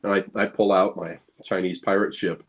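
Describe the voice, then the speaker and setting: Rambling low-voiced man telling stories. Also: flat delivery, normal speed. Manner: rambling anecdotes with many fillers and restarts; playful, acts out quoted lines. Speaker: guest, blacksmith. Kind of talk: casual storytelling chat.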